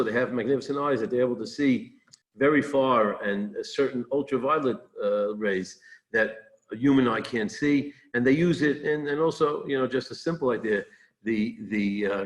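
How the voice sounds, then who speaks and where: Rabbi thinking aloud through a text. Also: male voice, mid-range voice, low-quality recording. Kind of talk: informal Torah talk.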